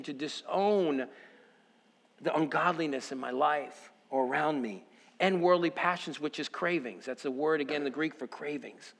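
A man preaching a sermon as pastor, asking the congregation rhetorical questions and moving between fervent exhortation and quiet personal storytelling. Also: fairly high pitch, normal speed, vocal fry, big-room sound. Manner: preaching with rising intensity, then quiet reflective storytelling.

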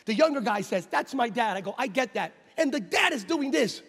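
A man preaching a sermon, telling a story with acted-out dialogue and building into shouted passages. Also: very high-pitched, lively intonation, brisk, husky. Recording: long hall reverb with faint music.

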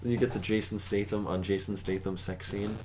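A man's voice: on the low side, level tone, fairly quick, darkish tone, slight background noise. A man co-hosting a podcast, chatting casually about movies in a laid-back, agreeable, wry way. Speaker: podcast co-host.

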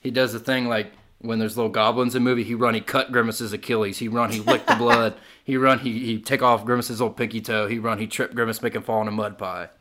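A man with a bright, forceful voice spins an absurd, profane tale for his podcast co-host. He talks in loose slang and keeps cracking himself up as he goes. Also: medium pitch, fairly even intonation, quick pace, few pauses. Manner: crude, laughing, slangy absurd storytelling. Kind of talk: improvised comedic storytelling.

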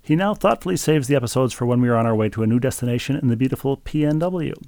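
Man with a gravelly voice, dry humor. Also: mid-range voice, expressive, a little mellow, dry recording. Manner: dry, joking, halting with repeated words. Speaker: podcast co-host. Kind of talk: casual chat, reading listener mail.

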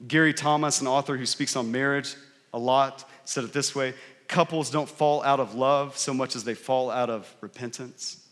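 A man's voice: medium pitch, fairly even intonation, moderate pace, a bit bright. A man in his thirties, a pastor giving a conversational sermon and often checking in with the congregation. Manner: conversational preaching, often asks the crowd "right?". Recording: long hall reverb.

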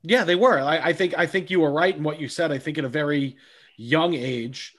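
A man's voice: on the high side, brisk, a bit bright. A man co-hosting a podcast, talking about films in a casual, enthusiastic way, swearing freely and restarting his sentences. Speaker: podcast co-host. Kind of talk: casual movie chat.

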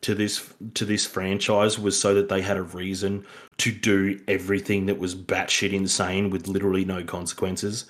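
Man, co-hosting a podcast, lowish pitch, animated and rambling, acts out quoted lines. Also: normal speed. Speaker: podcast co-host. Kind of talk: casual film review chat.

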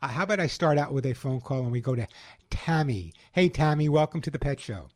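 A middle-aged man with a Long Island New York accent, hosting a call-in radio show in an upbeat, lively way. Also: mid-range voice, a little fast. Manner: upbeat, lively promotional delivery.

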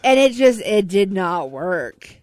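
A woman's voice: mid-range voice, very animated, slow, darkish tone, no room sound. A woman co-hosting a radio show in casual studio chat, teasing her co-host and laughing often.

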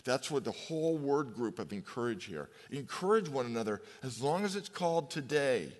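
Fifty-something pastor in a reverberant hall. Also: male voice, medium pitch, big pitch swings. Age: 50s. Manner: conversational preaching with personal stories and slow emphatic pauses. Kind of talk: sermon.

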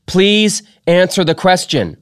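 A man's voice: high voice, very animated, slow, clear, resonant tone, voice pushed up, full character voice. A man voicing a stern, demanding mother who questions her son sharply, reading a story aloud. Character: stern shrill middle-aged mother.

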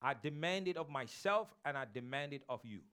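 A male pastor delivers a sermon with a fairly high-pitched voice. He hammers his points home through repetition and has the congregation repeat his lines back. He speaks from a church sanctuary. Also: animated, fairly quick, a bit bright, clean tone. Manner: emphatic, repetitive preaching that calls for congregation responses.

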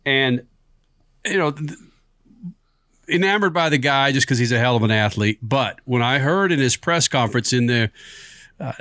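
A man hosting a sports talk show, playful and quick to laugh. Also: mid-range voice, dry recording, studio quality. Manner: laughs easily, lively and playful. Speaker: sports radio host.

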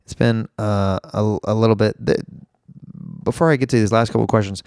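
A hoarse man with laryngitis hosting a casual solo podcast in a rambling, self-mocking way. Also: on the low side, fairly even intonation, a little fast, a little mellow, no room sound, studio quality. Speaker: podcast host.

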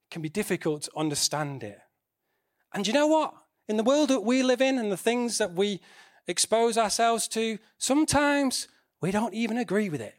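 A man preaching a sermon in a conversational way, asking the congregation questions. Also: high voice.

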